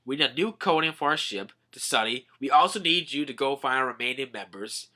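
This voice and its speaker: A man voicing a gruff young male swordsman making blunt demands over a phone. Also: medium pitch, expressive, brisk, sharp tone. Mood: demanding.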